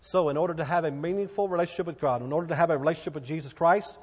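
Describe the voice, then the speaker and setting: A man's voice: a little high, rapid-fire, husky. A middle-aged man from Texas, preaching a sermon with emphatic, repeating preaching cadence in a church. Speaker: pastor. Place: church sanctuary. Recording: long reverb of a church hall.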